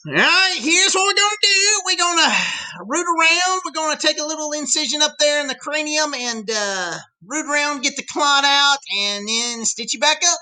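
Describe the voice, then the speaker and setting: A man voicing a folksy country doctor with a Southern US accent, speaking in a high, hearty drawl. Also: normal speed, sharp tone, heavily acted, low-quality recording. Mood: breezy.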